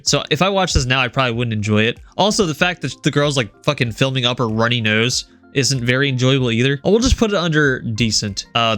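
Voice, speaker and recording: A man's voice: medium pitch, a bit bright. A man hosting his own channel, ranking horror movies in a rambling, profane, enthusiastic chat. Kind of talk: casual tier-list ranking chat.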